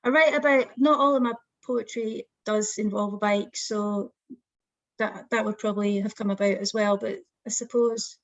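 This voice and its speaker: A woman's voice: medium pitch, fairly even intonation, normal speed, no room sound, dull audio. A young adult woman poet, speaking as a guest in an online festival interview, thoughtful and a little hesitant.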